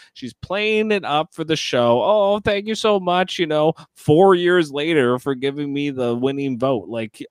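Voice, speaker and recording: A man in casual podcast chat, recapping a reality show and mocking contestants with squeaky impressions. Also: no echo.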